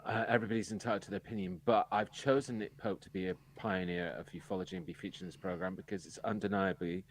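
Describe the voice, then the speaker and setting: A man's voice: deep voice, fairly even intonation, fast talker, slight background noise. An English man co-hosting a casual live podcast, frank and opinionated, talking through long anecdotes. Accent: English, with some American habits. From England. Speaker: podcast co-host.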